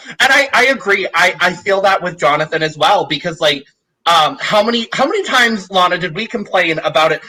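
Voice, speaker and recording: A man's voice: sits high, animated, a little fast, bright, forceful tone, poor audio. A man co-hosting a podcast, chatting casually and frankly venting his complaints. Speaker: podcast co-host.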